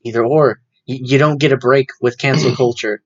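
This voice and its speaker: A young man from the States, co-hosting a podcast in blunt, profane, deadpan chat. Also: mid-range voice, normal speed. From Southern United States. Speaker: podcast co-host. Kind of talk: casual chat. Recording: dull lo-fi audio.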